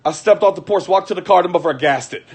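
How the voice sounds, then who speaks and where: A man's voice: high-pitched, rapid-fire, slightly rough. A man ranting casually on a livestream at home at night, profane and heated, repeating himself and breaking into laughter.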